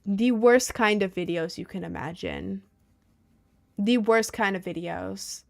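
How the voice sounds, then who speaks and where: A young woman streamer chats casually with viewers and reads their messages aloud, rambling, using plenty of fillers and laughing a lot. Her mid-range voice is gravelly and a little mellow, and she takes her time.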